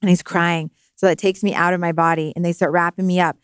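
A woman's voice: on the low side, little pitch movement, fast, smooth, no room sound. A woman in her thirties, a podcast guest, telling a heartfelt personal story in an earnest, spiritual way, recorded in a studio. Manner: earnest, spiritual, emotional at times.

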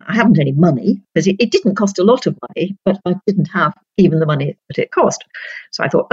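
Older woman with a gravelly, husky voice. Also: sits low, no echo, highs cut off. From North Yorkshire, England. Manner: measured, precise, laughs often. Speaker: guest, retired senior judge. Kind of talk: reflective interview storytelling.

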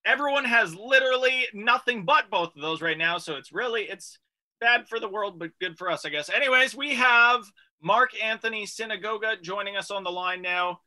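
A man's voice: high voice, moderate pace, sharp tone. A man hosting a radio talk show, chatting casually in rambling, joking banter.

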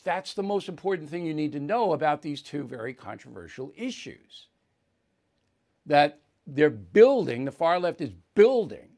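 A man's voice: fairly high pitch, a little mellow. A man hosting a political talk show, delivering an opinionated monologue in a conversational, emphatic way and checking in with the audience often. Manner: emphatic, conversational, asks "right?" and "okay?" often.

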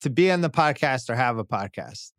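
A man's voice: medium pitch, expressive, fairly quick, no room sound. Middle-aged guy hosting a podcast, casual chat, dry close sound. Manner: reads ad copy, then chats about his kids. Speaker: podcast host.

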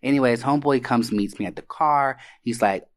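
A young man telling personal stories in a casual podcast chat, animated and profane, acting out quoted voices. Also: mid-range voice, fairly quick. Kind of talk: casual storytelling. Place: Atlanta area.

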